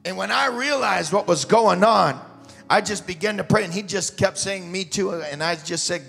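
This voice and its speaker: A male missionary preacher telling a testimony in a sermon, rambling at first and building to fervent shouted preaching. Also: high-pitched, normal speed, gravelly. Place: church sanctuary. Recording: long hall reverb with faint music.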